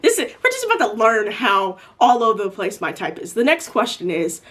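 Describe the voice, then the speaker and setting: A woman's voice: on the high side, huge pitch swings, brisk, a bit bright. A woman in her twenties answering viewer questions in a casual, rambling chat full of fillers like "like" and "um". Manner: chatty, rambling with many "like" and "um".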